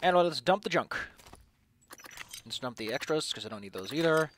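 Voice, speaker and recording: A young man offers a rambling, sarcastic running commentary while he plays a video game. His pitch sits slightly high and swings widely, and he swears freely as he goes. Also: lively intonation, fast talker, fairly bright tone, a little hiss or hum. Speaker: game streamer. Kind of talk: casual let's-play commentary.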